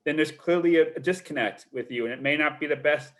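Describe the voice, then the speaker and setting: A man's voice: on the high side, fast talker, fairly bright tone. A middle-aged man, a literary agent, answering questions in a live online Q&A in an earnest way, often repeating words as he thinks.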